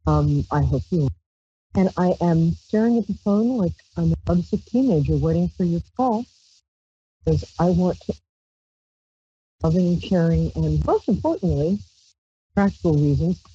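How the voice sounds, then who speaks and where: Her voice is on the low side, dark and breathy, expressive at a moderate pace with long pauses. She hosts a psychic call-in radio show from Brooklyn, New York, reading tarot cards into a handheld mic in a rambling, chatty, playful way with squealed exclamations, all captured as dull, dry lo-fi stream audio.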